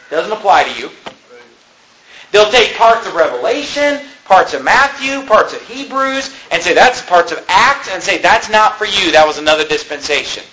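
A male pastor preaching a sermon, impassioned and animated, with mocking asides. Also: extremely high pitch, a little hiss or hum, low-quality recording.

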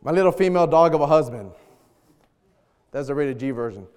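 A man preaching a sermon, bantering loudly with the congregation in call and response. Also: a little high, animated, a little fast, clear, resonant tone. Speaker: pastor. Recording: long hall reverb.

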